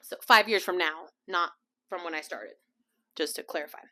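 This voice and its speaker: A young woman hosting her own podcast, chatting casually about a trip, animated and laughing, acting out other people's lines. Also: lowish voice, normal speed. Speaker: podcast host. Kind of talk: casual storytelling chat.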